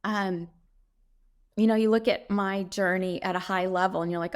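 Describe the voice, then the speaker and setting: A woman's voice: medium pitch, fairly even intonation. Earnest woman sharing a heartfelt testimony. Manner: earnest, heartfelt, with frequent "um" pauses. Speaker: interviewee sharing her faith testimony. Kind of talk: reflective interview answers.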